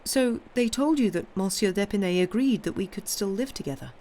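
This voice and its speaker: A woman's voice: mid-range voice, animated, fairly quick, dark tone, voice pushed up, natural voice. A woman voicing a tender, anxious young woman. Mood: pleading. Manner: pleading, breathless questions.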